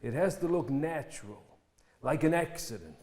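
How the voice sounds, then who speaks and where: An actor playing a scheming crime boss who gives cold, clipped orders in a stage play reading. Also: male voice, fairly high pitch, expressive, moderate pace, a little mellow, natural voice. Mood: menacing. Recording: reverberant theatre recording.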